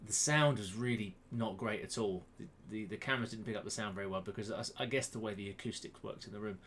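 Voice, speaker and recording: A man's voice: on the low side, quick pace, fairly bright tone. Chatty male quiz host, self-mocking, greeting viewers from home over a webcam with faint background noise. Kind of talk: casual live-stream chat. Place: home room, indoors. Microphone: webcam close to the face.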